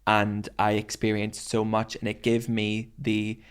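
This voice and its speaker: Candid, lively Irish man. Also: fairly low pitch, measured pace, clean tone. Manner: lively, candid, swears freely, acts out voices in stories. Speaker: radio presenter, podcast guest. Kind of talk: casual storytelling in a podcast interview. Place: podcast studio.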